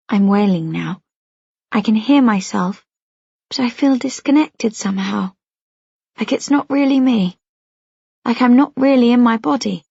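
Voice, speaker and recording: A woman reading a first-person audiobook in a hushed voice that often drops to a whisper. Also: medium pitch, a little slow, gravelly, breathy edge, no echo. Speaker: audiobook narrator. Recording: dull, dry lo-fi audio.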